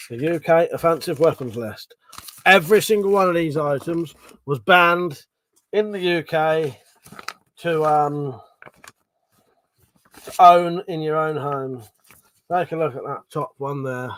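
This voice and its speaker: A man's voice: a little high, takes it slowly, pauses often, fairly bright tone. A man hosting a casual livestream, rambling, swearing freely and reading viewers' chat aloud. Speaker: livestream host.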